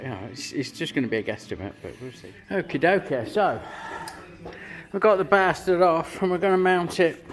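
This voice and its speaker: A man in his fifties who builds custom motorcycles rambles through workshop commentary on a build, swearing freely as he works. His voice sits a little high.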